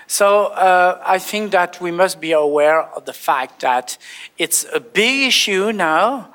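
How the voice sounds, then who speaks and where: A man with a French accent, a native French speaker, giving a conference presentation in halting English full of fillers and restarts. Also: on the high side, bright, forceful tone. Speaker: panel speaker, professor. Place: lecture hall.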